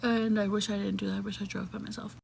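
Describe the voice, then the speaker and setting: A young adult woman telling a personal story in casual, chatty talk, full of "like" fillers, cursing, and hushed, whispery asides. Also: mid-range voice, level tone, fast talker, creaky, heavy background noise.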